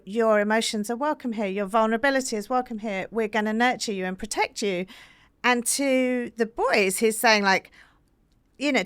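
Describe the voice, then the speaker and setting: British woman, smooth and earnest. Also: fairly high pitch, no room sound, studio quality. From Britain. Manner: earnest, animated storytelling with many fillers. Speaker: author guest. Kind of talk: podcast interview.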